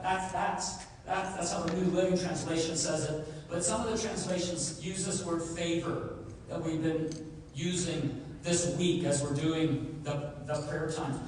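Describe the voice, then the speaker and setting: A man preaching a sermon as pastor, retelling scripture with lively acted dialogue. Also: on the high side, far from the mic, a little hiss or hum. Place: church sanctuary. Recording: echoey hall recorded from afar.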